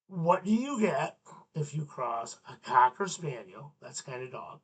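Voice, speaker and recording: A man's voice: on the high side, very animated, a little slow, a bit bright, husky. A man hosting a children's learning show, leading songs and jokes and bantering playfully with his puppets. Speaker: children's show host and teacher.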